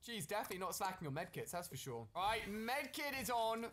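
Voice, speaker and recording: Lively man doing game commentary. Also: sits high, quick pace, crowd noise. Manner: upbeat, chatty, talks to viewers as "guys". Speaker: gaming video creator. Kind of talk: energetic gameplay commentary.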